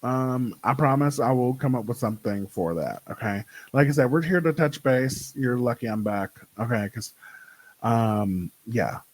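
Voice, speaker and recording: A young man hosting his own show, chatting casually with a sassy, profane, animated way of telling stories. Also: mid-range voice, moderate pace, rough recording. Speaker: podcast host. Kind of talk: casual solo chat.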